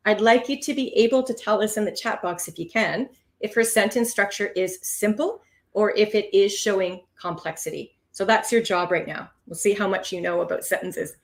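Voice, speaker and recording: A woman runs a live online lesson on test preparation. She explains patiently, speaks at a middle pitch and leans hard on the important words. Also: moderate pace. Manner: expressive, stresses key words, explains patiently. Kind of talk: live online teaching session.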